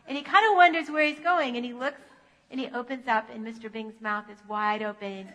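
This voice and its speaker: A woman pastor telling a children's story in a church sanctuary, animated in manner. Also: a little high, brisk, long reverb tail, poor audio.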